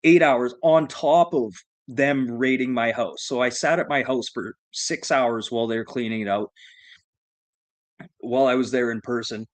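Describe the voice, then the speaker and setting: A man casually telling a profane story, laughing and animated as he retells it. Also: medium pitch, normal speed, no echo.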